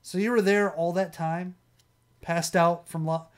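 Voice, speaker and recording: A man with a slightly high, strained voice hosts a casual livestream. He rambles, restarts his sentences and chuckles often as he chats. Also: steady tone, a little slow. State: strained, worn voice. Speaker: livestream host. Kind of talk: casual chat.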